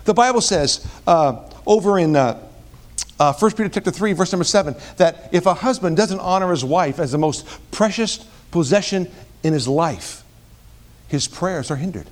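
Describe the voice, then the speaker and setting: A middle-aged male pastor with a notably high voice preaches a sermon. He swings between loud, emphatic peaks and quiet, low asides. He often restarts phrases and repeats words mid-thought. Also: lively intonation, moderate pace.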